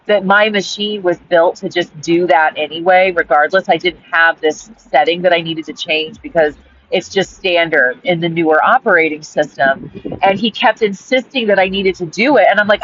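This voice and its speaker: A woman's voice: fairly low pitch, a bit bright. Profane ranting woman storyteller. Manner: profane, rambling and heated. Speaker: author and podcast host. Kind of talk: personal ranting monologue. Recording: dull audio with faint background hiss.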